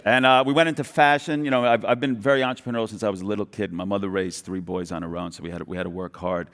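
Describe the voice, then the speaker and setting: Fast-talking New York man in a reverberant hall. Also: on the low side. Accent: New York (Brooklyn). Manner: animated, quoting others in dialogue, quick restarts. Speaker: guest entrepreneur. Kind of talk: storytelling on a conference stage. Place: large event hall stage.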